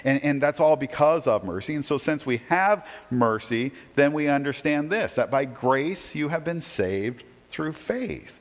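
A man preaching a sermon as pastor, animated, often asking "right?" to the congregation. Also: on the high side, unhurried, hardly any pauses. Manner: animated preaching, rising emphasis and repeated rhetorical "right?". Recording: long hall reverb.

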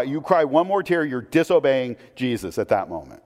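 A man preaching a sermon in a conversational, animated way, with asides and questions to the listeners. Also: mid-range voice, moderate pace, hardly any pauses. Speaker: pastor. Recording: long hall reverb.

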